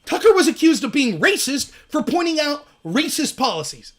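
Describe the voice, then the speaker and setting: At normal speed and in a sing-song voice, a man hosts his own political commentary livestream. He rants with emphasis, sarcastically mocking opponents through high, shrill voices, while reading live chat messages aloud and answering them.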